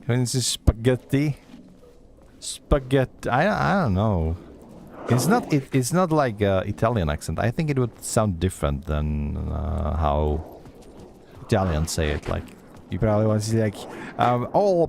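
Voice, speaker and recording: A man's voice: fairly low pitch, expressive, normal speed, vocal fry, noisy background. A man streaming a horror game, chatty and sarcastic, talking back at the game as he plays. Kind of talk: gameplay commentary.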